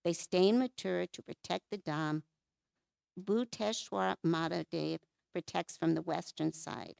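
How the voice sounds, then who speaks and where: Gravelly-voiced woman telling temple stories. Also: on the low side, unhurried, a little mellow, dry recording. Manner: narrates scripture stories, acts out quoted lines. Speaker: temple class speaker. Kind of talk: devotional storytelling class.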